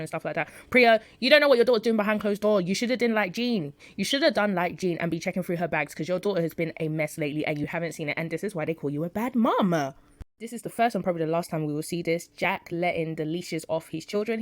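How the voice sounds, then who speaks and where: Fast-talking woman recapping a soap. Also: fairly low pitch, dry recording. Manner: chatty, talks back to the characters. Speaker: soap opera reviewer. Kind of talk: casual recap and commentary.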